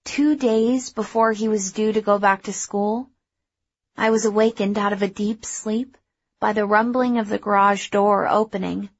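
A woman narrating a first-person story in a measured, even way. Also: mid-range voice, no room sound, highs cut off. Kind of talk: audiobook narration.

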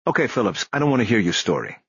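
A man's voice: mid-range voice, sing-song, racing, a bit bright, slightly rough, no echo, dull audio, exaggerated voice. A man doing a curt, commanding detective. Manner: brusque, barking orders.

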